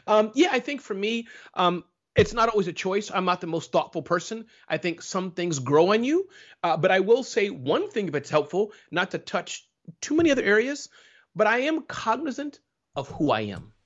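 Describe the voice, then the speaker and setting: A man's voice: sits high, big pitch swings, normal speed. A man giving a casual interview over a video call, talking playfully and with animation. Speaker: guest. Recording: dull lo-fi online call audio.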